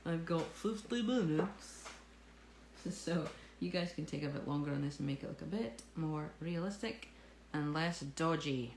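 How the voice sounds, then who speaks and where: A woman with a lower voice runs a live cake tutorial, chatting and joking at her own expense as she works. Her voice rings in a roomy studio with faint ambience in the background. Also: fairly even intonation, normal speed, a little hiss or hum. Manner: jokey, self-mocking, chatty. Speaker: cake decorating instructor. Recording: echoey room with faint ambience.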